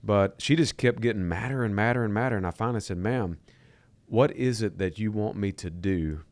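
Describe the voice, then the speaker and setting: Deep-voiced man telling stories casually. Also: a little fast, dry recording. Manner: relaxed storytelling with fillers and repeated words. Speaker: podcast co-host, company leader. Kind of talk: casual podcast conversation.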